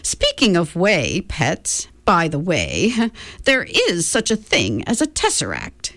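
A woman reading aloud and voicing an eccentric, cheerful very old woman with a brisk, chirpy manner. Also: on the low side, wildly swooping pitch, fairly bright tone, dry recording, exaggerated voice.

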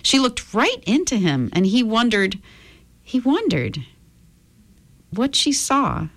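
A woman reading a children's story aloud with expressive intonation. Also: on the high side, slow pace.

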